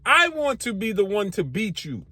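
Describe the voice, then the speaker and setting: A man's voice: sits high, very animated, moderate pace, bright, forceful tone, no room sound. A man hosting a sports channel, firing off rhetorical questions in a heated, slangy boxing commentary rant. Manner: slangy casual speech.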